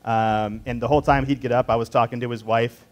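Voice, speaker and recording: A man's voice: mid-range voice, steady tone, brisk, darkish tone. A man in his thirties leading a beer tasting class, talking casually with fillers and restarts as he tells a personal story. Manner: conversational, rambling with fillers and restarts. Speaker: beer importer representative presenting a tasting.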